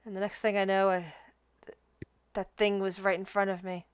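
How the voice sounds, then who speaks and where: A woman voicing the ghost of a male soldier who talks softly and haltingly. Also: a little high, fairly even intonation, smooth, lightly acted. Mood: weary. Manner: hesitant, soft, halting.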